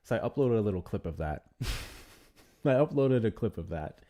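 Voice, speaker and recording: A man with a deep voice hosts a casual livestream and talks straight to his viewers. He rambles loosely, drops swear words, and moves from one thought to the next without much plan. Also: very animated, normal speed, warm tone. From United States. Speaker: livestream host.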